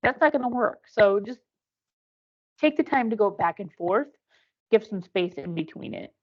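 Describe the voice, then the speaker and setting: A woman's voice: medium pitch, expressive, moderate pace. A woman giving an instructive online presentation, offering direct, earnest advice and acting out short examples, heard over a video call. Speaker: workshop presenter. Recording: dull lo-fi video-call audio.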